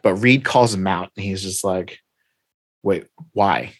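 A man in casual chat, retelling a comic story with lively acted-out dialogue. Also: low-pitched, normal speed, husky, no echo. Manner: animated retelling, reads captions aloud and acts out dialogue. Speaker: podcast co-host recapping comics.

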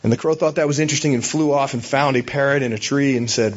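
A man's voice: mid-range voice, quick pace, few pauses, muffled recording. A man preaching a sermon as a pastor, in a conversational, storytelling way with hesitations.

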